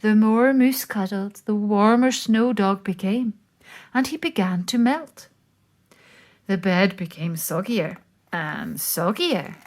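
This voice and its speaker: In her mid-range voice, the woman reads the picture book aloud to children, taking it slowly and with plenty of expression.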